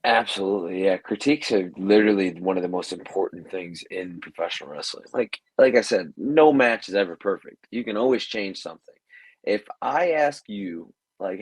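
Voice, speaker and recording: A man's voice: sits low, expressive, brisk, slightly rough, no echo, poor audio. A man, a professional wrestler, talking casually as a podcast guest, rambling with lots of fillers and restarts. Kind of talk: casual interview talk.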